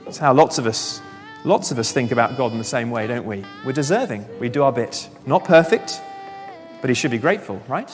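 A man preaching a sermon, telling a Bible story with lively asides and questions to the congregation. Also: mid-range voice, fairly quick, faint music behind. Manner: animated storytelling, reads scripture aloud, asks the congregation questions. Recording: long reverb of a large hall.

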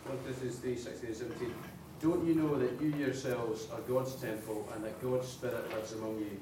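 A man's voice: medium pitch, fairly even intonation, a little fast, background noise. A man from Scotland with a Scottish accent, reading a Bible passage aloud from the congregation. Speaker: congregation member reading scripture. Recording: distant voice in an echoey room.

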